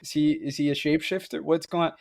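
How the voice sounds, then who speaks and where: On this casual book podcast, the male co-host is a fast talker with a fairly high, gravelly voice and fairly even intonation. He's enthusiastic, laughs a lot, and reads quotes out loud.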